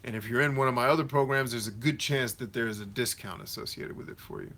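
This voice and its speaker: A man's voice: medium pitch, fast, fairly bright tone. A man hosting a casual livestream Q&A, answering viewers directly in a slangy, motivational coach tone. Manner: reads viewer comments aloud and answers them directly; slangy and conversational. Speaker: host of a live Q&A stream.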